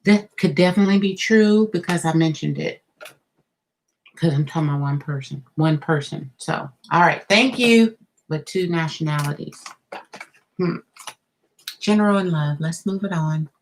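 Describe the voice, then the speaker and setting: The low-voiced tarot reader talks at a normal pace on a low-quality recording. Addressing the viewer directly in her live session, she reasons aloud and reacts expressively, laughing and gasping as the cards come up.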